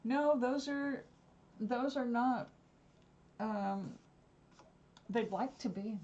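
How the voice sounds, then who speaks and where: A woman talks in a loose, wandering way, drifting from one story to the next. Her voice is mellow and soft-edged. The recording sounds a little dull and lo-fi. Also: fairly high pitch, drawn-out words. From New York. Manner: rambling, digressive storytelling. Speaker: vlogger. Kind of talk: casual chat.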